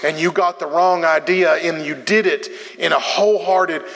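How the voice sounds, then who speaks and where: A middle-aged man preaching a sermon in a church, telling a family story in an animated way before turning to exhortation. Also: moderate pace, vocal fry, long reverb tail. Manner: storytelling, animated, rising pitch in anecdotes. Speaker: pastor.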